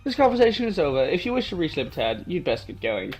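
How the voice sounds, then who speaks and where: A man's voice: fairly high pitch, sing-song, fast talker, husky, soft background music, voice pushed up, exaggerated voice. A man voicing a haughty female warrior with a sword, using a put-on British accent in a clipped, aloof way. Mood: dismissive.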